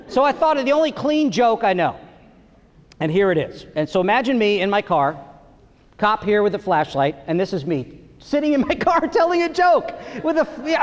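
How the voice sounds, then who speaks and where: High-voiced man doing stand-up in a theater. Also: highs cut off. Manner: storytelling, acts out voices with big pitch jumps. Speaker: stand-up comedian. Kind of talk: stand-up comedy set. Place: theater stage before a live audience. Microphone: stage microphone. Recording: live theater recording with long reverb.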